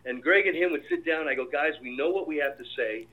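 A man's voice: on the high side, quick pace. Man on a tinny phone-like line. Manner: animated storyteller, acts out quoted dialogue. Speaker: film director. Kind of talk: casual interview, anecdotes.

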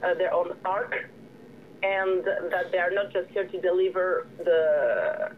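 A woman's voice: lowish voice, slight background noise. Woman filmmaker, tinny phone line, keeps restarting and hunting for words. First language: French. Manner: halting, searching for English words, many restarts. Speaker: filmmaker and director. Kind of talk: interview answers.

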